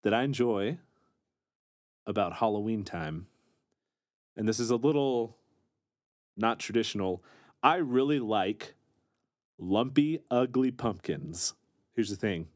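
A man's voice: fairly low pitch, takes it slowly, pauses often, dry recording, studio quality. A man co-hosting a casual comedy chat, joking and laughing often. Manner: jokey, animated, laughs often. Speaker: podcast co-host.

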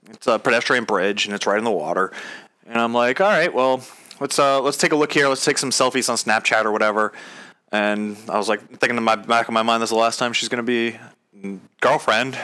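A man's voice: on the low side, pushed and bright. A young man casually telling a story, swearing freely and acting out both sides of a past conversation. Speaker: storyteller recounting his proposal.

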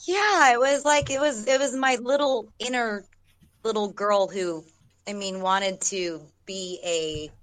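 In a casual interview, an actress rambles through her stories, laughing along and often starting sentences over. Her voice is mid-range and a bit bright, and she talks a little slowly. The low-quality recording has no room sound.

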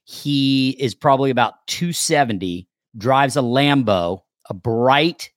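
A man's voice: mid-range voice, takes it slowly, no echo, clean studio sound. A man, an actor, telling a story in casual chat and acting out the people he quotes. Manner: animated, acts out quoted dialogue. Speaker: actor guest.

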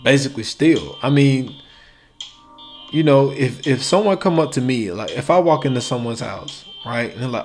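A man's voice: medium pitch, animated, normal speed. Casual male podcaster, faint music behind. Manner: casual, conversational, acts out quoted exchanges. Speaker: podcast host. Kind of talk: solo podcast commentary.

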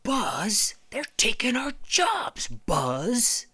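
A man voicing an anxious, suspicious adult male cowboy toy, talking in a high, fretful, hissing half-whisper. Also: huge pitch swings, extremely slow, sharp tone, breathy edge, heavily acted.

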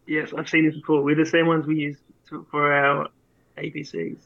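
An Australian army veteran co-hosting a podcast swears his way through rambling army anecdotes in casual storytelling. His fairly high, gravelly voice is flat in delivery at normal speed, captured in a dull lo-fi recording.

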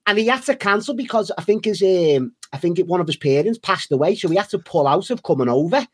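Scouse guy guesting on a podcast, high voice, keeps cracking up, swears a lot. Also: animated, quick pace, hardly any pauses, husky. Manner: laughs often, swears, talks animatedly. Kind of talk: casual podcast banter.

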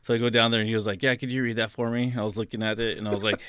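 A man's voice: lowish voice, level tone, racing, a bit bright, clean tone, no room sound, studio quality. A man co-hosting a podcast, telling stories in a laid-back way and swearing freely. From United States. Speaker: podcast co-host. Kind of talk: casual chat.

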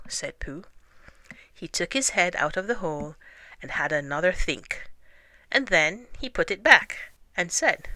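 A woman narrating a children's storybook aloud, gentle and expressive. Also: deep voice, a little slow, no room sound. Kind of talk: storybook reading.

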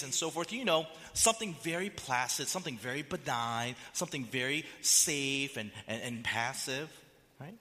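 Male pastor, animated sermon delivery, acts out quotes, tense bright tone. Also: medium pitch, normal speed, in a large hall.

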